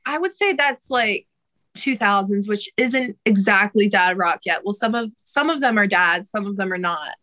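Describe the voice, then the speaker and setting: A woman's voice: mid-range voice, lively intonation, normal speed, sharp tone, low-quality recording. A young woman, a singer, chatting casually as a podcast guest, laughing often and using casual slang and swearing. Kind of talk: casual interview chat.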